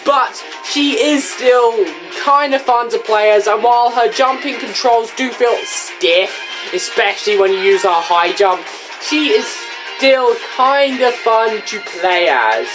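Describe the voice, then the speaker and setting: A woman reviewing a video game in a sarcastic, ranting manner. Her pitch swoops widely as she fires off rhetorical questions, and she speaks in an unhurried, drawn-out way. Faint music plays behind her. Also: lively intonation. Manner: rhetorical questions and exasperated asides.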